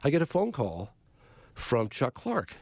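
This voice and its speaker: A middle-aged man from Northern California, a documentary filmmaker who is a podcast guest, excitedly retelling a story and acting out the quotes. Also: mid-range voice, unhurried, no room sound. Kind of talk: animated storytelling in conversation. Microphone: studio podcast mic.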